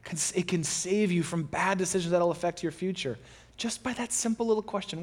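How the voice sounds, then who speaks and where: A man with a fairly high voice delivers a sermon to his congregation. He talks gently and conversationally, encouraging rather than lecturing, and slips into short quoted asides that voice what a listener might be thinking. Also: normal speed. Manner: conversational, acts out the listener's inner thoughts in quotes. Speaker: pastor.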